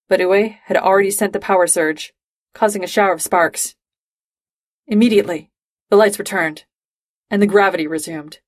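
A woman reads fan fiction aloud in a steady, even voice. Her pitch sits comfortably in the middle. The recording is dry and close, with no room sound. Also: normal speed, no echo. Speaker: reader.

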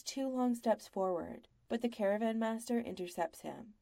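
Female audiobook reader, low-key and measured, gravelly texture, dry close mic. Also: warm tone, no echo. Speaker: narrator. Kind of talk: audiobook narration.

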